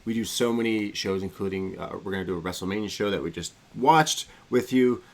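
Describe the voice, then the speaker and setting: A man's voice: on the low side, a little fast. A man co-hosting a live podcast stream, chatting casually and joking with frequent laughter. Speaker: podcast co-host.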